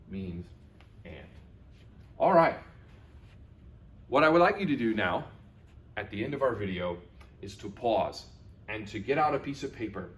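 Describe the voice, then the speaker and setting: Animated man teaching a children's lesson. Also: mid-range voice. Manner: animated, repeats words slowly for learners. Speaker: Latin teacher. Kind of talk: recorded video lesson for children.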